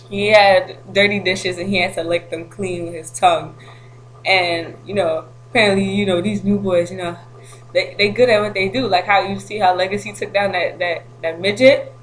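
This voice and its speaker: A woman's voice: medium pitch, slight background noise, poor audio. Chatty woman vlogger telling a story. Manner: animated and slangy, breaks into laughter. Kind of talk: casual storytelling to camera.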